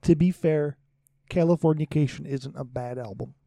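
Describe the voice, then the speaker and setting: A man's voice: on the high side, moderate pace, vocal fry, warm tone, dry recording. A man co-hosting a casual podcast, joking and teasing his co-host and swearing freely.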